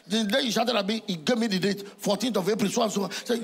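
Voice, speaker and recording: A man in his sixties with a Nigerian accent, preaching a sermon in a church and acting out dialogue with bursts of shouting. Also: sits high, quick pace, creaky, hardly any pauses, slightly rough. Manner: animated storytelling, acting out dialogue, often shouting. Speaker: pastor.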